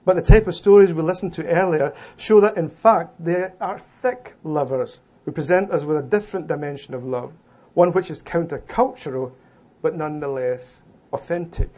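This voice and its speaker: A man's voice: on the high side, warm tone. Man reading a lecture paper aloud. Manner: deliberate, emphatic reading with occasional restarts. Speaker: academic presenter. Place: lecture room with an audience.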